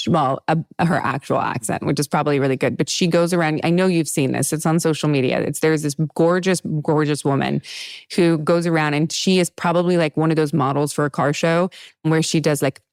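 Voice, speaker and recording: A woman hosting a podcast in casual chat, talkative and laughing often with quick asides. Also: deep voice, fairly even intonation, no room sound, clean studio sound. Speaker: podcast host.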